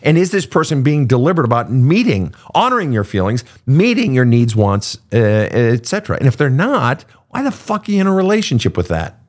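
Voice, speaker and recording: A man's voice: mid-range voice, big pitch swings, a little fast, few pauses. A middle-aged man hosting a casual advice talk, blunt and profane. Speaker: podcast host, coach.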